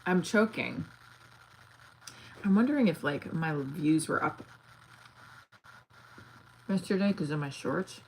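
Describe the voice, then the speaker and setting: Low-pitched woman rambling on a livestream, lots of likes and ums. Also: expressive, slow pace, pauses often, background noise. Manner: rambling and chatty, with many fillers and restarts. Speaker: actor and comedian livestreaming. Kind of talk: casual livestream chat.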